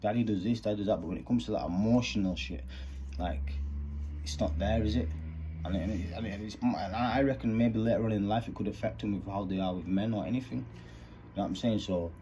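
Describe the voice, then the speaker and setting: A man's voice: fairly low pitch, mellow, slight background noise. A man, talking earnestly in rambling street slang about fatherhood. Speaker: vlogger. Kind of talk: candid monologue.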